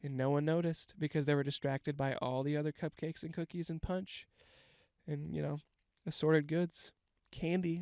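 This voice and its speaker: A comedian with a fairly high, darkish, smooth voice delivers a rambling, self-mocking comic monologue, swearing freely. The studio-quality recording has no room sound.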